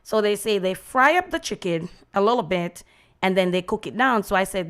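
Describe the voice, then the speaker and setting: A woman's voice: mid-range voice, a little fast. Chatty Jamaican woman radio host. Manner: chatty, animated, acts out quoted voices. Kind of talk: casual storytelling monologue.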